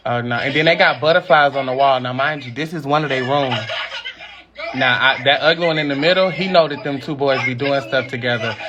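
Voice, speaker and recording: A young man giving loud, profane, mocking comedic reaction commentary as a streamer, often breaking into laughter. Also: medium pitch, fairly quick, dull audio, a crowd in the background.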